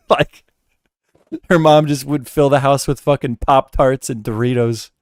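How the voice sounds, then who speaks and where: A man's voice: mid-range voice, steady tone, a little slow, clean tone, no echo, studio quality. A man hosting a casual reaction stream, rambling and incredulous, swearing freely. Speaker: streamer host.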